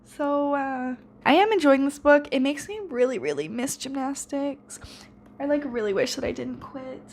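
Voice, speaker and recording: Chatty teenage girl, slightly high voice. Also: animated, normal speed, darkish tone, slight background noise. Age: teens. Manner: rambling, chatty, lots of fillers and restarts. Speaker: book vlogger. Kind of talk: casual reading vlog chat.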